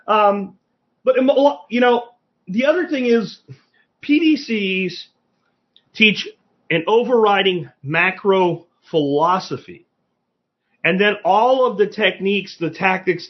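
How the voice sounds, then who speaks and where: A man's voice: on the high side, lo-fi sound. A man hosting a casual live-stream podcast, talking bluntly with lots of swearing. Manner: blunt, profane ranting. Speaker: podcast host.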